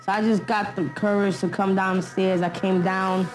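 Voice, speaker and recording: A woman's voice: mid-range voice, little pitch movement, moderate pace, soft background music, low-quality recording. A woman retelling hard memories in a candid documentary interview, blunt and full of street slang.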